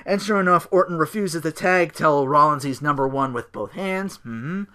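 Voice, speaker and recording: Rambling, bright-voiced podcast host man. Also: a little high, moderate pace, clear, resonant tone. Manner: rambling, profane, lots of fillers. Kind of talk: casual solo podcast recap.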